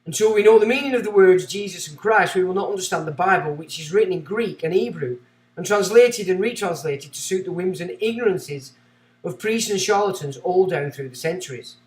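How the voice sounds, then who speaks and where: Guy on a livestream reading from a book, pretty high voice, goes off on excitable tangents. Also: fairly quick, reverberant. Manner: rambling asides, gets excitable. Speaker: livestream host. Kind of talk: reading a book aloud with commentary.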